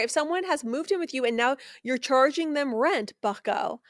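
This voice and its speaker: A young woman co-hosting a podcast in casual chat, animated and incredulous, laughing often, close to the mic. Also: sits high, normal speed, hardly any pauses, dry recording. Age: young adult. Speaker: podcast co-host.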